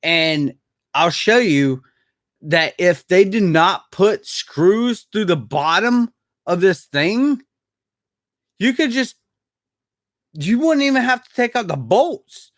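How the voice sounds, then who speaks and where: A man talks casually and slowly to his live-stream viewers, rambling about his work with frequent chuckles and the odd curse. His voice sits a little high, and the recording is dry and close, with no room echo. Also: lively intonation, fairly bright tone. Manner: laid-back, rambling, chuckles often, swears casually. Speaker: maintenance worker streaming live. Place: Jacksonville.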